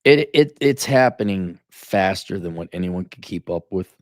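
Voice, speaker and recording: A man's voice: low-pitched, animated, moderate pace, no room sound, clean studio sound. A tired man hosting a solo podcast, ranting with sarcasm and profanity. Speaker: podcast host. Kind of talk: casual solo podcast rant.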